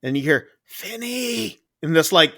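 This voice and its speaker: A man's voice: fairly high pitch, lively intonation, unhurried, bright, forceful tone, no room sound, clean studio sound. A man co-hosting a podcast, casually retelling a film's plot with lots of fillers. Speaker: podcast co-host. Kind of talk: casual film review chat.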